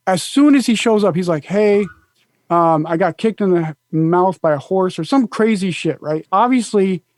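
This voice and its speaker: Casting: high-voiced guy, profane storyteller, casual podcast banter. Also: no room sound. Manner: swears freely, laughs through an animated story.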